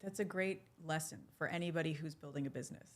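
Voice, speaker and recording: Low-voiced woman hosting a podcast. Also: fast. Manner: affirming, reflective. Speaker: podcast host. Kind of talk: interview questions.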